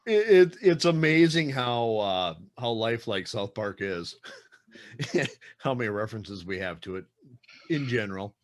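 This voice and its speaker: Wisecracking man, mid-pitched voice. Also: lively intonation, unhurried, slight background noise. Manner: wisecracking, playful banter. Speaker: podcast host. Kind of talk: casual podcast chat.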